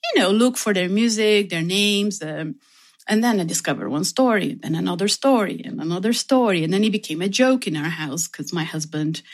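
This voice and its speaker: A woman's voice: on the low side, a little fast. A woman from Brazil, an opera singer, telling her story in an interview and acting out the dialogue in different voices. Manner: lively, acts out dialogue in voices.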